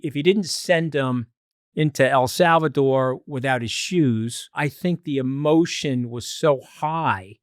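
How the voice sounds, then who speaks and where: A man talking as a guest on a podcast, arguing emphatically in quick, animated bursts. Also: mid-range voice, dry recording, studio quality. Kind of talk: casual podcast discussion.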